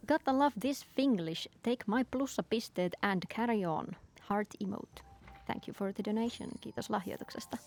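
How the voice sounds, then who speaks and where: A woman's voice: medium pitch, expressive, normal speed, a little mellow, a little hiss or hum. A woman reading charity donations aloud in an upbeat tone. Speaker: donation reader.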